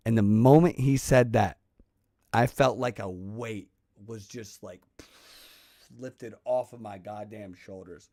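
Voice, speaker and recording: A man telling a story in an unhurried, gravelly voice, heavy with vocal fry. He rambles, swears freely and keeps restarting his sentences. The sound is dry and close. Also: on the low side, steady tone, mellow, dry recording. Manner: rambling and profane, with many restarts. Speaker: channel host. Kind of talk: casual storytelling.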